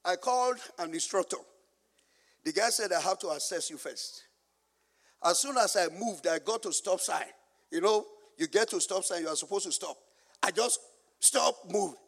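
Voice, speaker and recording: Nigerian pastor, very high pitch, sermon with call-and-response and humor, big reverberant hall. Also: male voice, normal speed, vocal fry, fairly bright tone. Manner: call-and-response preaching, asking the congregation to finish his lines; storytelling with humor.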